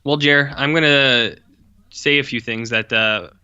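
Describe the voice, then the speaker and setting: A man's voice: mid-range voice, measured pace, bright, forceful tone, smooth, no echo, highs cut off. A man co-hosting a podcast, giving a blunt, profane film review and mocking it with quoted voices. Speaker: podcast co-host. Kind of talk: casual film review chat.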